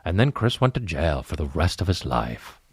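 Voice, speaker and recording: A hushed, slow TV crime narrator who draws out every line with ominous pauses, played by a man. The pitch swings a lot from phrase to phrase. The sound is close and dry, with no room echo. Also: very animated, slightly rough, full character voice. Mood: mock-ominous. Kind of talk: impression of a true-crime narrator.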